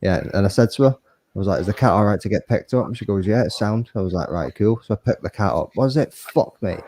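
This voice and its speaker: A man's voice: fairly low pitch, fast, a little mellow, slight background noise. A man telling stories in casual, sweary chat. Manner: sweary, storytelling.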